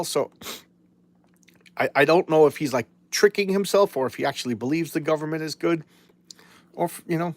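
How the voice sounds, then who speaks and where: A man's voice: on the high side, moderate pace, pauses often, dry recording. A man in his fifties hosting a casual live show about old comics, talking in a chatty, rambling way with many restarts and wry jokes. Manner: wry, jokey asides. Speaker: comic book show host.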